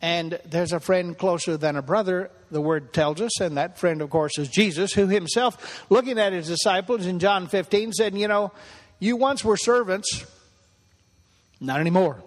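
A man's voice: high voice, normal speed. A man preaching a sermon as pastor, repeating phrases for emphasis and building to impassioned peaks. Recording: long hall reverb.

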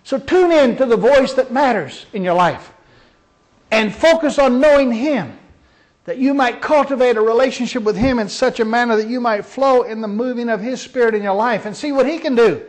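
A man's voice: extremely high pitch, moderate pace. A man minister delivering a sermon with emphatic, dramatic storytelling.

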